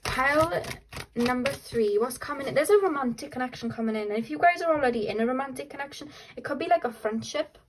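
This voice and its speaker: A woman's voice: sits high, expressive, fast, noisy background. A young woman doing a casual tarot reading, chatty and upbeat, often trailing off and restarting. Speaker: tarot reader.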